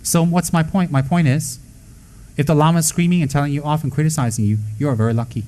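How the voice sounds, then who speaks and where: A man giving a Buddhist dharma talk to students, blunt and scolding, with joking asides and quick acted-out quotes. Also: on the high side, steady tone, warm tone, rough recording. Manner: acts out quoted voices. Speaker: Buddhist teacher.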